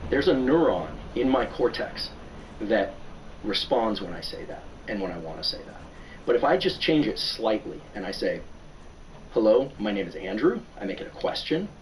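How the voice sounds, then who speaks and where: A man with a lowish voice talks through research as a podcast guest, calm and methodical. He sounds a little distant from the mic, and a soft hiss sits under the audio. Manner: measured, thoughtful, explains step by step. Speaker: neuroscientist guest. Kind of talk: explanatory podcast conversation.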